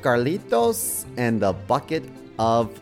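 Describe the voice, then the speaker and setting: A man's voice: medium pitch, sing-song, slow pace, creaky, darkish tone, soft background music. A man co-hosting a comedy podcast, laid-back and giggly, reading a silly story in a mock-storybook way. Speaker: podcast co-host.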